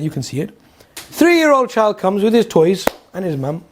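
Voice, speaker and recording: Speaking with a London accent, this middle-aged Islamic teacher gives a chatty Quran lesson, quizzing the class and telling stories as he goes. He sounds high and very animated, talking a little fast over light background noise.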